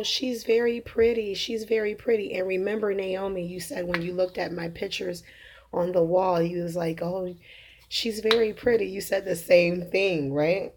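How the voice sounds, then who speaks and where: Against slight background noise, a young woman with a fairly low, slightly mellow voice rambles through a casual preaching monologue. She's a religious vlogger discussing faith and her kids' dreams, often restarting, using fillers and laughing at her own jokes.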